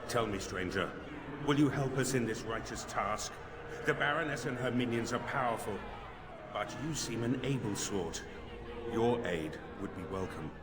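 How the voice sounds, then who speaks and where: A righteous ghost leader , voiced by a man, with a lively, swinging pitch and formal, rallying speech. His voice echoes with a long reverb over a clear layer of noise. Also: normal speed, close to an everyday voice. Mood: earnest. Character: righteous male ghost leading trapped spirits. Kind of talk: video game voice acting.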